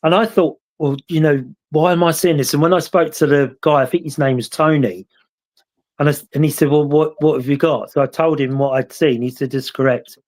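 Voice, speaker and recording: A man's voice: on the high side, steady tone, a little fast, darkish tone. British man, rambling and reflective. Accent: British English. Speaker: host. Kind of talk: casual chat.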